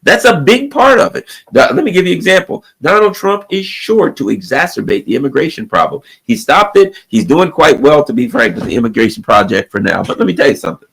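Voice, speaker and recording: A man delivers a sarcastic solo rant with a gravelly, rough texture in his voice. His pitch rises and dips animatedly as he presses his points. He stumbles into restarts and repetitions as he goes. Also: animated, fairly quick, hardly any pauses, fairly bright tone, low-quality recording. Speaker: political commentator. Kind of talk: ranting solo commentary.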